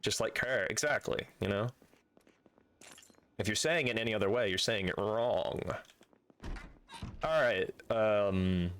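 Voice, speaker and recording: A man talks through a live game stream in an easy, offhand way, reading items aloud and chatting with his viewers. His voice sits a little low, and he drops the odd swear word without thinking about it. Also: unhurried, pauses often, fairly bright tone, smooth. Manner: casual, chatty, swears freely.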